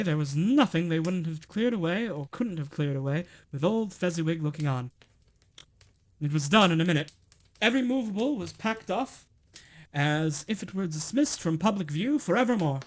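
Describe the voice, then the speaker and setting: Guy reading a christmas story out loud, kinda high voice, trips on words sometimes. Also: moderate pace. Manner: expressive, occasional stumbles and self-corrections. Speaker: streamer reading aloud.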